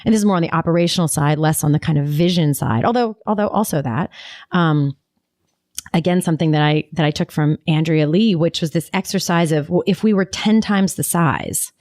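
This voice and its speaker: A woman's voice: sits low, a little mellow, no room sound, studio quality. A woman hosting a podcast in casual conversation, thinking aloud and often restarting her sentences. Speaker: podcast host.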